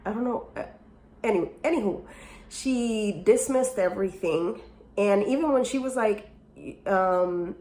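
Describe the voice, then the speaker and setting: Woman, casual storytelling, animated, emotional, lots of fillers and restarts. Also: medium pitch, a little slow. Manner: animated, lively retelling with many fillers and restarts; openly emotional and self-encouraging. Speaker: vlogger telling a life story.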